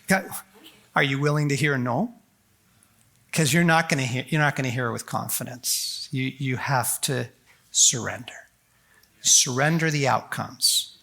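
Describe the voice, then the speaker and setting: A man speaking at a conference on faith, animated and folksy, full of quick asides and acted-out prayers. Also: mid-range voice, vocal fry. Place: large conference hall.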